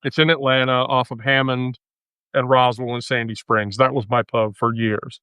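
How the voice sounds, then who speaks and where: A woman's voice: a bass voice, level tone, moderate pace, fairly bright tone, clean tone, dry recording. A woman hosting a livestream, telling a profane, laughing story in casual chat with frequent laughter. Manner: bawdy, profane, laughs through her story. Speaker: livestream host.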